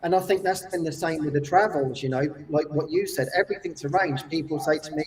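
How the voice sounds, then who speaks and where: A man leading retreats, telling stories in an animated way, acting out the people he quotes and often tagging lines with "yeah?". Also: on the high side, fast. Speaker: retreat leader and guest. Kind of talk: casual storytelling. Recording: voice distant from the mic.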